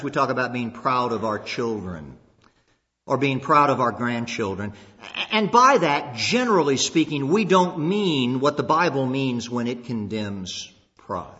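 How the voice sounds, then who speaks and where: A man's voice: medium pitch, pushed and bright. A male pastor preaching a sermon, earnest, often repeating words as he stresses a point. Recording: long reverb, dull lo-fi sound.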